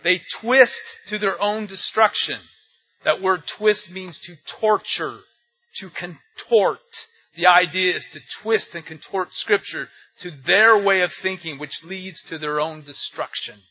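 An older man with a high, slightly slow voice preaches as a pastor, keeping his sermon conversational with rhetorical questions and anecdotes. The recording sounds dull and lo-fi.

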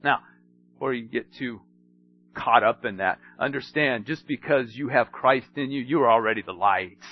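A man preaching a sermon, swinging between hushed asides and emphatic storytelling. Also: medium pitch, normal speed, muffled recording.

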